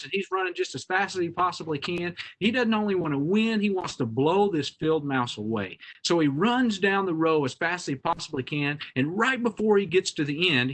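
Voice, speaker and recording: Bright-voiced man telling a story. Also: high voice. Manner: animated storyteller. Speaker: executive director and featured speaker. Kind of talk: storytelling keynote talk.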